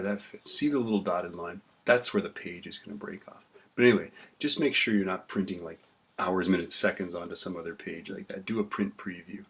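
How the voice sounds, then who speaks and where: A man's voice: low voice, steady tone, moderate pace, a bit bright, breathy edge. A male teacher casually talking through a spreadsheet lesson while typing, often checking in with "right?". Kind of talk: screen-recorded spreadsheet tutorial. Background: keyboard clicks and typing.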